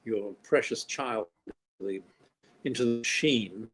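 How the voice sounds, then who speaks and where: A man's voice: medium pitch, slow, poor audio. An older man from Australia, a film director being interviewed, talking in a rambling way with dry, wry humor. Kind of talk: casual interview conversation.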